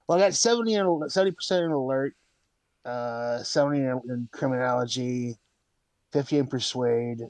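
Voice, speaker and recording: A man's voice: medium pitch, darkish tone, dry recording. A man chatting casually as a tabletop game player. He stumbles and repeats himself while thinking aloud, and his voice sounds dry and close, with no room behind it. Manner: halting, repeats words.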